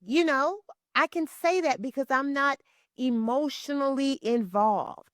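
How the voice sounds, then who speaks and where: A woman's voice: sits high, measured pace, no echo, studio quality. A woman hosting a podcast, frankly answering a listener's letter about caring for a parent and checking in with "okay?". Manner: frank, conversational, asks rhetorical questions and adds "okay?". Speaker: podcast host and caregiving advisor. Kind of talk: direct advice talk answering a listener letter. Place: Texas.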